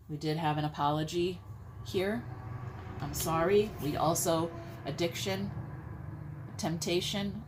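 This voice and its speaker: Low-voiced woman doing a tarot reading. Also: background noise. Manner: chatty and blunt, swears casually. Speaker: tarot reader. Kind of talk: casual tarot reading to viewers.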